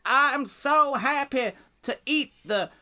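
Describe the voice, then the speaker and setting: A man voicing a mock female politician with a put-on Southern American accent, slow and folksy. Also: very high-pitched, bright, forceful tone, pitched above the performer's own voice, heavily acted. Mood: sugary.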